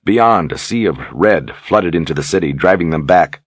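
A man reading a fantasy novel aloud in steady, measured scripted narration. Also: sits low, husky, dry recording. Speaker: audiobook narrator.

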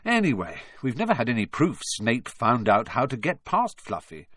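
A man's voice: medium pitch, wildly swooping pitch, moderate pace, fairly bright tone, breathy edge, no room sound, clean studio sound, heavily acted. A man voicing an easygoing, lazy schoolboy wizard in a storybook reading, laid-back and reassuring.

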